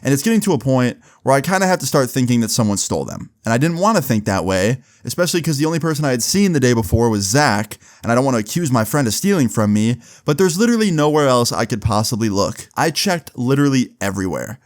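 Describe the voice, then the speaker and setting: A man's voice: medium pitch, sing-song, fast, few pauses. A young man casually telling a personal story in a slangy, laid-back way, full of "like" and "bro".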